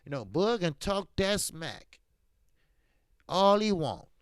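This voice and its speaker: A man's voice: high voice, slow pace, clear, resonant tone, no echo, clean studio sound. A man hosting a casual boxing talk stream, talking in an emphatic, slangy way. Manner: animated, emphatic, drifts into slang. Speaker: boxing talk show host. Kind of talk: casual boxing commentary livestream.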